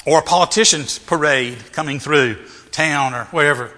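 A man's voice: a little high, normal speed, pushed and bright. A male pastor preaching a sermon, asking rhetorical questions and repeating phrases for emphasis, in a church. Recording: reverberant hall.

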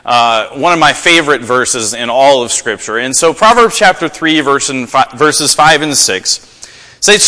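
A man preaching a sermon to a congregation, telling stories in an animated way. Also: unhurried, big-room sound. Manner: animated storytelling, rising pitch in acted quotes. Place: church.

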